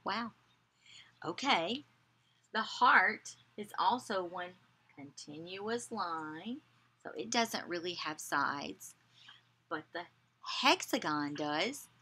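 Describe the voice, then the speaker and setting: A woman teaching young children, slowly saying words for them to repeat and praising them with encouragement. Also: fairly low pitch, animated, sharp tone, husky. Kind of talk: children's lesson, call and response.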